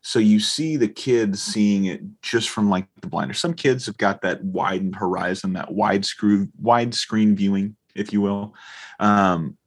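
Casual male podcaster, 30s, husky and low, animated storyteller who acts out every line of dialogue. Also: unhurried. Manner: animated storyteller, acts out quoted dialogue with big pitch jumps, swears freely. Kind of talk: casual chat.

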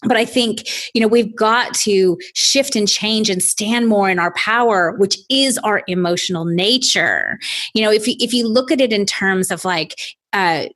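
A woman's voice: mid-range voice, lively intonation, normal speed, fairly bright tone. A woman co-hosting a podcast, talking earnestly and emphatically, thinking aloud with many fillers. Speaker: podcast co-host. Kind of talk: casual podcast conversation.

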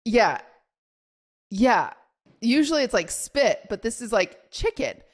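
Rambling, animated young woman storyteller. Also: fairly high pitch, takes it slowly. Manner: rambling, animated retelling full of "like". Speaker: podcast co-host. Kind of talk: casual chat storytelling.

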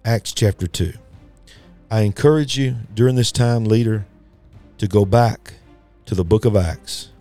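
A man's voice: a little slow, long pauses, dark tone, faint music behind. A man preaching a sermon, emphatic and repetitive, talking folksy and straight to his listeners. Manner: emphatic, repetitive, rising to fervent pitch; folksy, addresses listeners directly.

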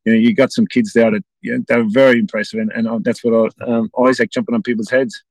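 A man's voice: mid-range voice, flat delivery, fast, dry recording, rough recording. An Irish man, a former footballer, chatting as a guest and rambling with many restarts. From Ireland. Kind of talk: casual interview chat.

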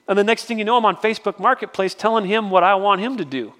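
A middle-aged man delivers a sermon as pastor, speaking with a fairly high voice. He tells stories in a relaxed, conversational way, often restarting his sentences. The sound carries a long reverb, as in a large hall. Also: fast talker, hardly any pauses. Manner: conversational storytelling with frequent restarts. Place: church sanctuary.

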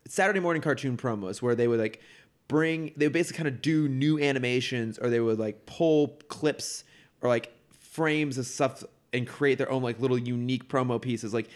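A man's voice: medium pitch, moderate pace. Rambling male podcast co-host. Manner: rambling, heavy on fillers and restarts. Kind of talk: casual chat.

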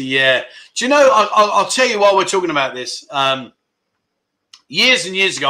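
This middle-aged man's voice is fairly high, pushed and bright as he hosts a laid-back livestream at home. He responds to viewer comments with matey banter, using "mate" and "my friend."

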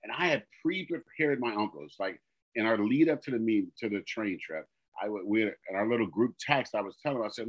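Deep-voiced man telling an exasperated story. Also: a little fast. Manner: animated, exasperated storytelling with quoted dialogue. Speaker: podcast co-host. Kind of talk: casual storytelling chat. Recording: dull lo-fi podcast audio.

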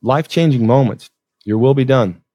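Animated man telling a story, dry sound. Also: moderate pace, breathy edge, dry recording. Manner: animated storyteller, voice rising high in dramatic retelling. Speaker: guest. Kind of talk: storytelling interview.

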